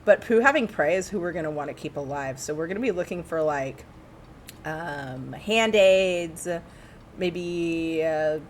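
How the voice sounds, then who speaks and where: A woman doing casual live race commentary, chatty and quick to laugh. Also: low-pitched, expressive, slight background noise.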